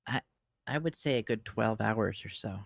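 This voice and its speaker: A man at a tabletop game with a gravelly, mid-pitched voice, chatting in a relaxed way. The sound is dry and close. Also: normal speed, no room sound. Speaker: player. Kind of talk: casual tabletop game chat.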